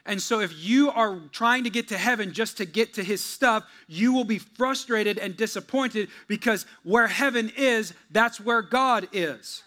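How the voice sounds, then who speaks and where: A man with a high, bright voice preaching a sermon. He talks to his congregation like a friend in casual chat, then acts out his stories with lively, animated voices. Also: measured pace, few pauses. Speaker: pastor.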